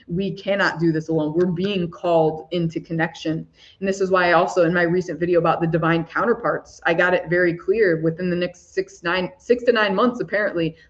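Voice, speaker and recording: A woman hosting a live spiritual talk for chat viewers, soft-spoken and gushing, often breaking into laughs. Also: lowish voice, highs cut off. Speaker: spiritual livestream host.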